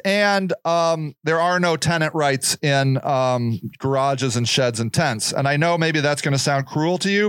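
Blunt, clear-voiced man giving advice. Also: on the high side, a bit bright, dry recording. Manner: blunt, repetitive, acts out quoted people. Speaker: podcast host. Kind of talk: casual advice monologue.

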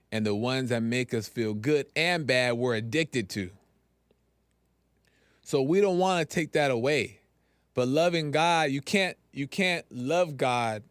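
Smooth-voiced man talking casually. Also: mid-range voice, no room sound. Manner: conversational, uses fillers, repeats phrases for emphasis. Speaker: podcast host. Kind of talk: casual solo commentary.

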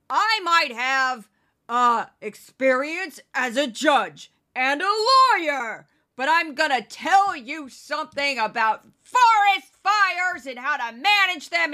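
Brief: woman playing a blustering female TV judge, loud and drawn-out, higher than usual. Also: exaggerated voice. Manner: loud, slow, emphatic lecturing.

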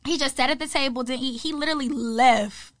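Young woman, podcast co-host, animated storyteller, high-pitched, dry close mic. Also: a little fast, no echo. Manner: animated storyteller, acts out quoted dialogue. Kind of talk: casual storytelling chat.

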